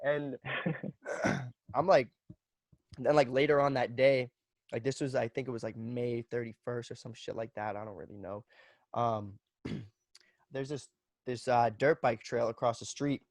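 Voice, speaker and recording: A man's voice: mid-range voice, fairly even intonation, normal speed, pauses often, no room sound, studio quality. A young man in his twenties, a podcast guest telling stories in loose, profane casual chat full of "like" and "bro".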